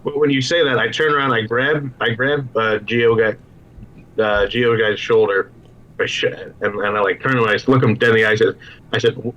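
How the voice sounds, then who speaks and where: A man playing a tabletop game from home, rambling and scattered in quick bursts. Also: medium pitch, steady tone, fairly bright tone. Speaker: player. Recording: slightly muffled lo-fi mic.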